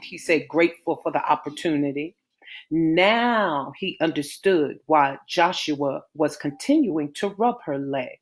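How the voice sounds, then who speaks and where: Slow, low-voiced woman narrating a novel. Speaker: audiobook narrator.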